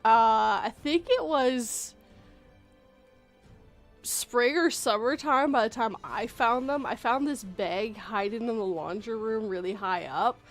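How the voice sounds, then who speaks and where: A woman's voice: on the high side, slow, faint music behind. A woman hosting a casual chat stream, self-mocking and laughing often. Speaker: stream host.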